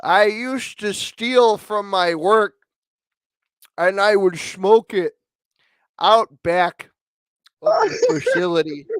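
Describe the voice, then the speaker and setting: A man voicing a slow, solemn old male storyteller, with a loud, drawn-out, mock-solemn delivery. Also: sits high, very animated, vocal fry, clear, resonant tone, no echo, full character voice.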